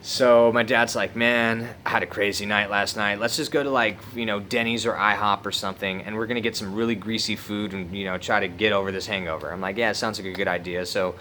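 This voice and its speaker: Young guy vlogging a story, chill and sweary, lowish but bright punchy voice, bit of faint noise behind. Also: fairly even intonation, fairly quick, hardly any pauses. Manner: laid-back, profane, laughs through the story. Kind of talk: casual storytelling.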